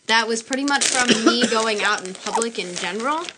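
A woman's voice: a little high, heavy background noise. A young woman hosting her own channel, chatting and giggling as she shows old props and outfits. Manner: chatty, giggly, quick asides. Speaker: channel host. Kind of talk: casual show-and-tell of old props.

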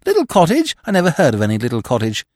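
A man voicing an excitable, flustered young aristocrat who bleats his exclamations high and loud. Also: very fast, dry recording, studio quality, close to an everyday voice. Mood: excited.

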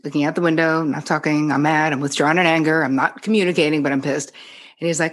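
A psychotherapist guest on a casual podcast speaks quickly in a low, husky voice with a New Jersey accent. She's a candid storyteller who swears freely and acts out the dialogue she quotes.

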